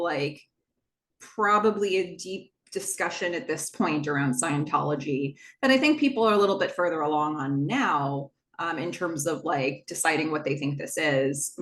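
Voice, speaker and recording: In an echoey room, a woman with a medium-pitched voice hosts a podcast, running through a TV episode in a relaxed, talkative manner full of fillers and side comments.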